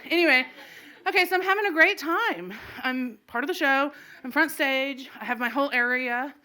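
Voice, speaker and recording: Woman storyteller, middle-aged, live comedy set; bright tone, slightly high voice, animated and laughing. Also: moderate pace. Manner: animated, laughing as she tells it. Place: live stage before an audience.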